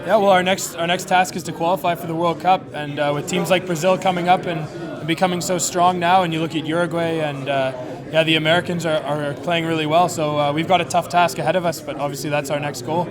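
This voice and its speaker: A Canadian rugby player who talks quickly and a little high, relaxed and modest in his answers. He is recorded outdoors near a stadium, with a loud crowd chattering in the background. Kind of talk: casual interview answers.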